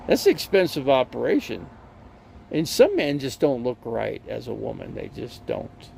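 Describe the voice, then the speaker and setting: Male live streamer, heavy gravel, lively up-and-down delivery, rambling casual storyteller. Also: mid-range voice, normal speed, a little hiss or hum. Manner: rambling storyteller, many fillers and restarts.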